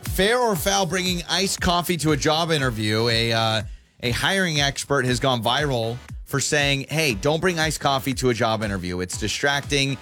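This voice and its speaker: A man co-hosting a chat show, joking and arguing his points in a lively way. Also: mid-range voice, moderate pace, faint music behind. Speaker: radio co-host. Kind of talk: casual chat.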